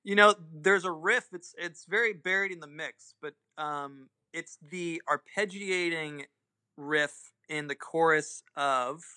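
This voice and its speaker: A man's voice: fairly high pitch, slow, sharp tone, clear, resonant tone, dry recording, clean studio sound. A man guesting on a podcast as a guitarist, chatting in a laid-back, enthusiastic way with lots of fillers. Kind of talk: casual chat.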